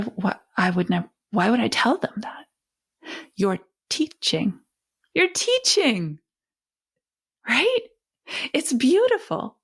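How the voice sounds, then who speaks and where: A woman parenting educator hosting a talk, speaking expressively and acting out warm back-and-forth with a child as she teaches. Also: mid-range voice. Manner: expressive, emphatic, acts out dialogue with a child.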